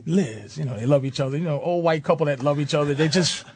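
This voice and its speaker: A man, a comedian, telling a story on a radio talk show in an animated way, laughing often and swearing freely. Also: a little high, quick pace, slight background noise. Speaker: comedian guest.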